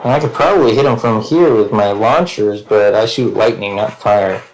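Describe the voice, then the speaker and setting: A man's voice: lowish voice, normal speed, poor audio. A man playing in a tabletop game, casually talking through his plans. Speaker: player. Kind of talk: casual tabletop play online.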